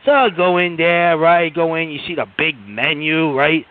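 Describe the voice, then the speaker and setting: Guy ranting and cussing nonstop, kinda high voice, sounds like a phone line. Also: normal speed. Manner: profane, rambling, many fillers and restarts. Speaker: podcast co-host. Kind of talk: casual storytelling rant.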